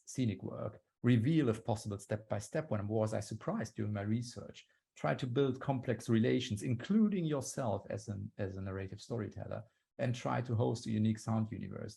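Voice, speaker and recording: A man's voice: lowish voice, moderate pace, creaky, dark tone, breathy edge. A man giving a talk on storytelling over a video call, explaining step by step and acting out quoted lines. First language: German. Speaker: guest speaker on storytelling.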